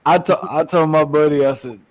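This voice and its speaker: A man's voice: fairly high pitch, fairly quick, dry recording. A man telling loose stories in a casual podcast chat, rambling with lots of fillers. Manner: rambling storyteller, many fillers, Southern slang. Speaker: podcast guest.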